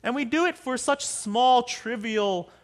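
A man with a high voice preaches a sermon in an easygoing, conversational manner. He talks like a pastor chatting with his congregation. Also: a little slow. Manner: conversational, acts out quotes in other voices.

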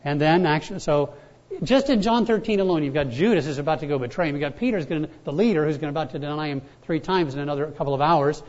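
A pastor delivers a relaxed, conversational sermon quickly, his voice pitched a little high for a man. He tells stories in a chatty way and repeats key words for weight. The recording is dull and lo-fi.

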